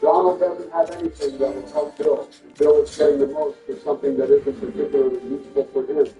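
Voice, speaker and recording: A man's voice: fairly high pitch, level tone, brisk, mellow, reverberant, far from the mic, soft background music, close to an everyday voice, rough recording. A man voicing squabbling grown men who trade indignant insults over a board game. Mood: bickering.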